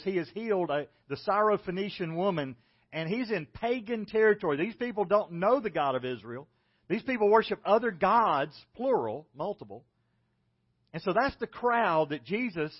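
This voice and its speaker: A pastor from South Carolina with a Southern accent, preaching a sermon in a folksy storytelling way with self-deprecating humor. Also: male voice, high voice, dull audio. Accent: Southern American. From South Carolina, United States.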